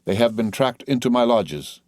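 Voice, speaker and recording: A man voicing a stern, guarded male chief who answers in slow, grave, cautious speech. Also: medium pitch, lively intonation, darkish tone, no room sound, studio quality, lightly acted.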